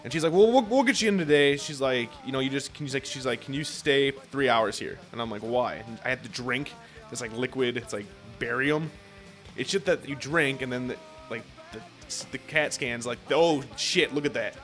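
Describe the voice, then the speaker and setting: A man's voice: medium pitch, moderate pace, faint music behind. A young man telling a long story in casual chat, swearing often and acting out what others said. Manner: profane, animated storytelling with acted-out quotes.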